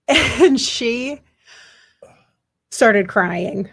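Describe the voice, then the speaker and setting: A woman's voice: medium pitch, very slow, vocal fry, long pauses, slightly rough. A woman co-hosting a radio talk show, telling a family story with lots of laughter. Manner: animated storyteller, laughs often. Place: radio studio.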